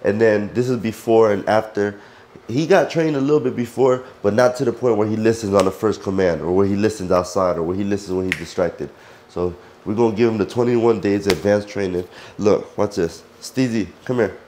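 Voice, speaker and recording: A man's voice: lowish voice, a little fast, a little mellow, a little hiss or hum. A man casually vlogging around his home, talking loosely with stumbles and repeats, and giving his dog firm repeated commands. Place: at home, indoors.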